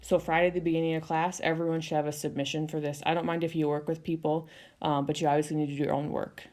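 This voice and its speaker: A woman's voice: low-pitched, a little mellow. A young adult woman teaching Spanish in a recorded video lesson, explaining step by step in a patient way with frequent ums.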